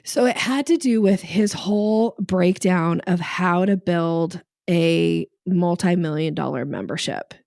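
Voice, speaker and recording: This middle-aged woman speaks a little slowly, barely pausing, in a fairly low, creaky voice, captured as a dry, clean studio recording. As a podcast guest, she tells a story in casual chat, laughs a lot, and acts out other people's words.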